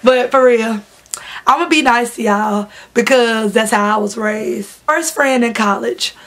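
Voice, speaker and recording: A woman's voice: a little high, unhurried, fairly bright tone. A woman, telling candid, laughing stories to her vlog audience. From Southern United States. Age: 20s. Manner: chatty, laughing, slangy and candid. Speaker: vlogger. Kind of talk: casual storytelling to camera.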